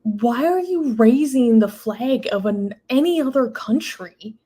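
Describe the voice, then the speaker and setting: A woman's voice: a little high, animated, unhurried, warm tone, husky. A woman co-hosting a casual talk show, exasperated and emphatic, with laughing asides. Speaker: co-host. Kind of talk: casual chat.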